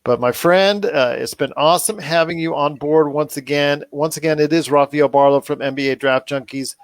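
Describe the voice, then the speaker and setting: A man's voice: fairly high pitch, normal speed, dry recording. A man hosting a sports podcast, chatting casually and upbeat with his guest. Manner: upbeat, friendly host banter. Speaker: podcast host. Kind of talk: casual interview chat.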